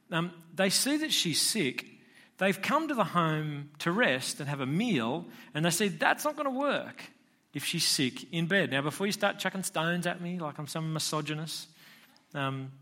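A man's voice: fairly high pitch, expressive, moderate pace, pushed and bright. A man preaching a sermon in a conversational style, posing rhetorical questions to his listeners. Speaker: pastor.

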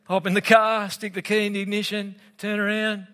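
An Australian man preaching a sermon in a relaxed, conversational way, with humorous asides, as a pastor with young kids. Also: high-pitched, brisk. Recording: long hall reverb.

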